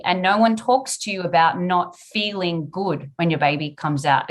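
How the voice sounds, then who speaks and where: A woman's voice: on the low side, fairly bright tone. A young woman frankly telling her birth story on a podcast, acting out her past self and swearing freely.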